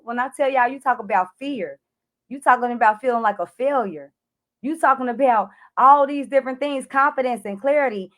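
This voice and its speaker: A woman clarity coach telling an emotional personal story to camera, addressing viewers directly and acting out her own frantic cries for help. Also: on the high side. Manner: animated, addresses viewers as y'all, acts out her own panicked shouts.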